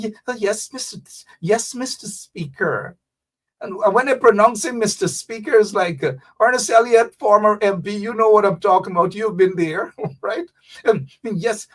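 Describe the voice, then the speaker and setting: Guy ranting about politics, high pitched, mocking, sounds a bit off mic. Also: fairly bright tone, distant mic. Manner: fiery, mocking, talks straight to the audience. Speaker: host. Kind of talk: political commentary.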